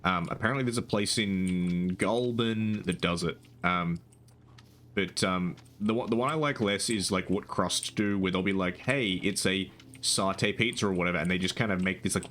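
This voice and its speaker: A man's voice: low-pitched, steady tone, moderate pace, a bit bright, slight background noise. A young man streaming live, chatting casually and rambling with frequent restarts and casual swearing.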